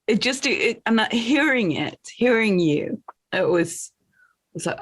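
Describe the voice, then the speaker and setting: An English woman actor in casual conversation, speaking haltingly with warm, affirming remarks. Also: fairly high pitch, animated, slightly rough, no room sound.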